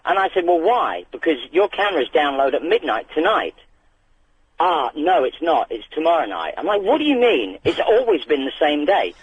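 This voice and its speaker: A man from Britain calling in to a radio show, telling his story with indignant, animated energy. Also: on the high side, moderate pace, a little hiss or hum. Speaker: caller. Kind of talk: phone-in chat. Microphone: telephone. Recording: lo-fi phone line.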